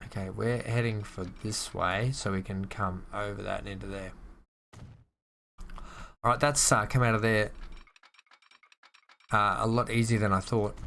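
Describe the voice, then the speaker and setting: A man's voice: on the low side, bright, forceful tone. A man giving casual commentary on his own gameplay as a video host, muttering to himself and talking to the game pieces.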